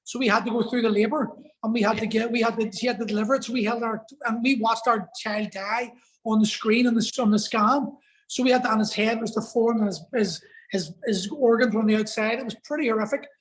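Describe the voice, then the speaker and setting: A man's voice: extremely high pitch, fairly even intonation, fairly quick, rough recording. A man telling a personal story as a podcast guest, earnest and emotional, swearing for emphasis.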